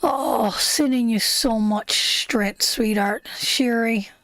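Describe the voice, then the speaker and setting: A woman's voice: a little high, steady tone, slow, fairly bright tone, no echo. A woman hosting a live tarot reading, who talks affectionately to viewers, calls them sweetheart and my darling, and repeats her points emphatically. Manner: emphatic, repeats phrases over and over.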